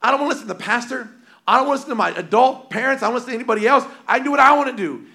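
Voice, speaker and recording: A man's voice: very high voice, racing, creaky, voice pushed up, heavily acted. A man acting out a boastful, stubborn person who insists on doing things his own way. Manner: cocky, loud and insistent.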